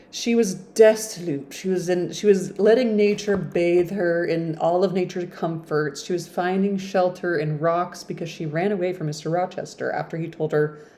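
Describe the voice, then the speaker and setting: A woman with a low, mellow voice reads a classic novel aloud at an easy pace. She keeps stepping out of the text for chatty, playful, self-deprecating asides, and the result feels like an informal audiobook.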